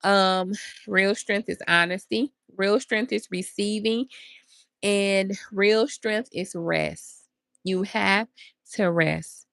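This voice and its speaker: Earnest woman podcaster with a gravelly edge. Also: medium pitch, fairly even intonation, takes it slowly, a bit bright, no room sound. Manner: earnest, encouraging, speaks straight to listeners. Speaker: podcast host. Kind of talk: motivational talk.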